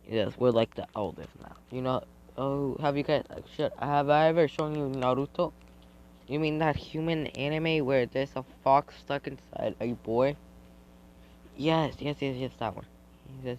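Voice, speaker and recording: A man rambles through an improvised fan story, stopping and restarting his sentences. His voice sits at a middle pitch. The recording is dull and lo-fi. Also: unhurried, a little hiss or hum. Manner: rambling, hesitant, with many restarts.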